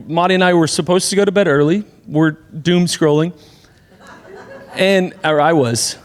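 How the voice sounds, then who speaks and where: Animated male pastor in a reverberant hall. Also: fairly high pitch, normal speed. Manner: conversational, animated in asides. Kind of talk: sermon. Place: church sanctuary.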